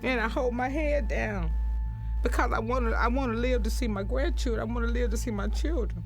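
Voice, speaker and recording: Older woman, documentary survivor testimony, halting delivery, faint music underneath. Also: fairly high pitch. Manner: halting, repeats words when retelling. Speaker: crime survivor interviewee.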